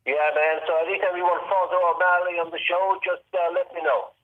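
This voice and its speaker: A man's voice: high-pitched, level tone, a little fast. An Australian man calling in to a show, friendly and calling everyone mate. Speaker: caller. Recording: tinny phone line.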